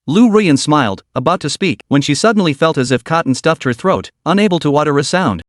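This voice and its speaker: A man reads a web novel aloud as scripted narration, keeping the delivery even and steady. He reads briskly with few pauses, and his somewhat high voice for a man is captured in a dry, close recording.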